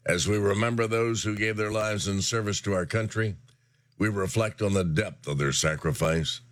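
A man preaching a sermon, telling a story aloud in an earnest, slow and solemn way. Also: lowish voice, no echo. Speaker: ministry host.

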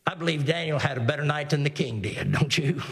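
A man preaching a sermon, reading scripture in a measured cadence and driving points home with repeated phrases and rhetorical questions. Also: on the high side, fairly bright tone, long reverb tail.

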